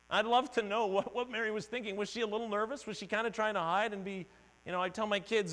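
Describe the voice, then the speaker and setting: In a church sanctuary, a middle-aged pastor delivers an earnest, conversational sermon, voicing the people he quotes. His voice is high, fairly bright, and a little fast, and the audio has a long hall reverb with a mains hum underneath.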